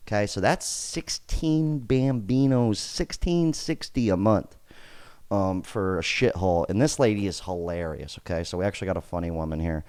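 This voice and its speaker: A man's voice: low-pitched, normal speed, smooth, no echo. A man hosting a podcast, reacting to clips with casual joking commentary and frequent laughter. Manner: joking, laughs often, animated. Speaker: podcast host.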